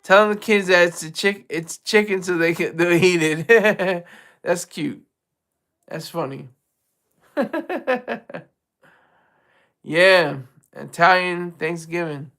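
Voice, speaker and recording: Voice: mid-range voice, slow pace, creaky, long pauses, fairly bright tone. A live-stream host chatting casually with viewers, rambling, restarting sentences and laughing often. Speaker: livestream host.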